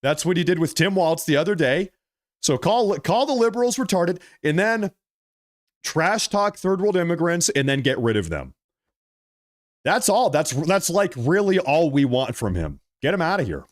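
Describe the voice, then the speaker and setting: A man hosting a political commentary vlog, talking in a mocking, animated way and drawing out his emphasis. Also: fairly high pitch, normal speed.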